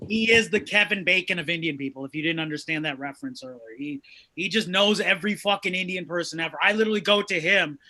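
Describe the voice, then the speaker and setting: A man co-hosting a comedy show, riffing loudly with rambling, profane jokes. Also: high voice, quick pace, a little hiss or hum. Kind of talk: stand-up banter.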